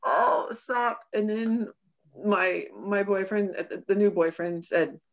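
A woman business coach telling a personal story in a casual interview, animated and often acting out her own remarks with laughs. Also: mid-range voice, a little slow. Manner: animated, acts out quoted lines with laughs.

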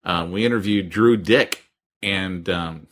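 A man's voice: low-pitched, slow pace, a bit bright. A man co-hosting a podcast, telling stories in a joking, casual way. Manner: joking, storytelling, laughs often. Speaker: podcast co-host. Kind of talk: casual chat.

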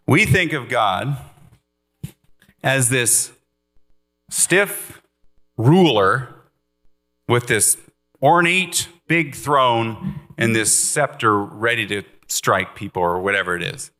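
Earnest man preaching a lively sermon. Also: medium pitch. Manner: earnest, animated preaching with playful asides.

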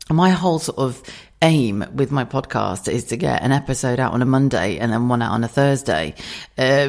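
A woman in her thirties hosting a casual solo podcast from her kitchen late at night, chatty and quick to laugh and swear. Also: extremely low pitch, darkish tone. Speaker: podcast host. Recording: slightly echoey kitchen.

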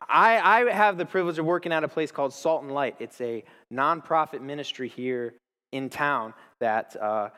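A man's voice: a little high, moderate pace, bright, forceful tone, in a large hall. A young man in his twenties giving a casual, enthusiastic church talk full of stories, slang and restarts. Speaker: speaker at a church gathering. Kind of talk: informal sermon with storytelling.

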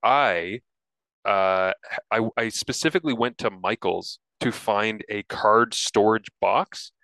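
A man in his thirties with a cold, co-hosting a casual podcast. His voice sits low and is recorded dry and close, and he tells rambling stories with a self-mocking laugh. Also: takes it slowly, gravelly, pushed and bright, dry recording. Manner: chatty storyteller, self-deprecating, laughs often. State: sick with a cough. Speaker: podcast co-host. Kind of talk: casual chat.

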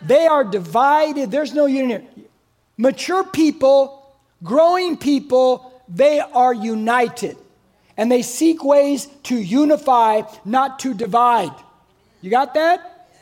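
A man's voice: very high-pitched, animated, takes it slowly. A man preaching a sermon to a congregation in a church, conversational and playful, often asking the room questions. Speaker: pastor.

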